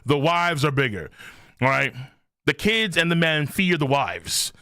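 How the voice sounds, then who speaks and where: Animated, bright-voiced male streamer. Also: on the high side, measured pace, smooth, no room sound, clean studio sound. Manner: excitable, profane, thinks aloud. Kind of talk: live reaction commentary.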